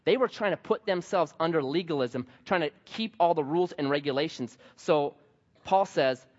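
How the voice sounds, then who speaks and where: A man's voice: a little high, normal speed. A man in his thirties preaching a sermon, telling stories and acting out the voices of the people in them. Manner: animated storytelling, acts out voices. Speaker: pastor. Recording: dull sound with long hall reverb.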